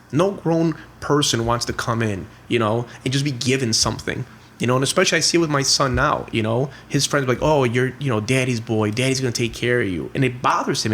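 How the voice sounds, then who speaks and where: A man's voice: mid-range voice, creaky, fairly bright tone, slight background noise. A man in his forties, a guest on a podcast, telling stories in a rambling, casual way with many fillers and restarts. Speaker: guest, real estate investor. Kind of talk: casual interview storytelling.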